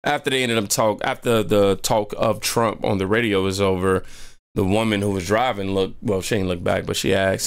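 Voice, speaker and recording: A man hosting his own channel, telling a personal story in a lively, slangy way and often jumping into high voices to quote people. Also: moderate pace, clear, resonant tone. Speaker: channel host. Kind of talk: storytime vlog.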